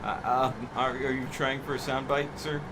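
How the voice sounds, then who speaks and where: A man's voice: medium pitch, fairly even intonation, normal speed, noisy background. A man in casual chat while gaming with friends, joking and laughing easily, often self-deprecating. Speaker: gamer on a multiplayer stream.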